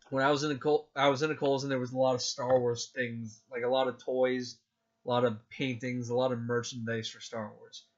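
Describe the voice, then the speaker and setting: A man chatting on a podcast, excitable and gushing, acting out his own reactions as he talks. His voice sits at an ordinary pitch. The recording is dull and lo-fi. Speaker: podcast co-host. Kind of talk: casual chat.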